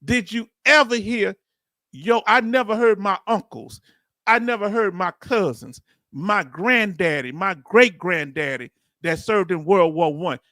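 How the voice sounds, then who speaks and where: A man hosting a livestream, animated and preachy, talking in casual slang and calling on his viewers in the chat. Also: high voice, unhurried, dry recording, clean studio sound. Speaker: channel host.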